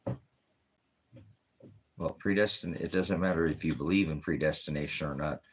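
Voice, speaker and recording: Deep-voiced man preaching on a livestream. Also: normal speed, a little hiss or hum. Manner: casual, rambling, breaks off to coax pets. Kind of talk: livestreamed sermon. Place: home living room by a fireplace. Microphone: streaming device.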